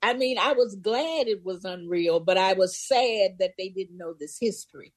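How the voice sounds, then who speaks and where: A woman's voice: medium pitch, moderate pace, dry recording. An older woman from Memphis, a guest in an interview, telling her own memories and acting out the voices of people in them. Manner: vivid storyteller, acts out voices in quotes. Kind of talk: personal storytelling.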